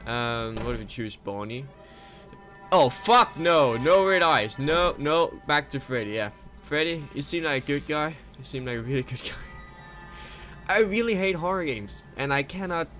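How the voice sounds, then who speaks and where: A man playing a horror game on camera, talking nervously to himself as he goes and swearing and screaming at the scares. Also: medium pitch. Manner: nervous running self-talk. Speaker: gaming video host.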